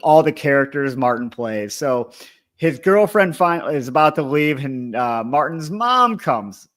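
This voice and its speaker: Animated man recapping a sitcom episode. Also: mid-range voice, measured pace. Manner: recapping the plot with fillers. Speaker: podcast co-host. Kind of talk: casual chat.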